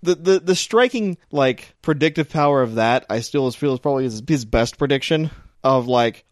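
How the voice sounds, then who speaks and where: A man's voice: medium pitch, expressive, normal speed, no echo. A man co-hosting a podcast in casual chat, rambling and joking with lots of fillers. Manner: rambling, filler-heavy, jokey. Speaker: podcast co-host.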